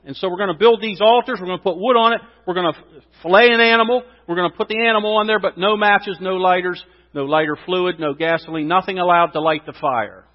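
A man preaching a sermon in church, telling a story with lively, rising exclamations. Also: high voice, a little fast, hardly any pauses. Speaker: pastor. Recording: dull sound, long hall reverb.

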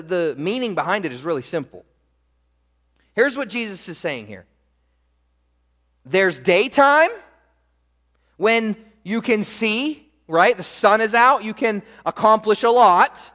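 A middle-aged male pastor preaching a sermon in a church, animated, asking the congregation rhetorical questions. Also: high-pitched, long reverb tail. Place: church sanctuary.

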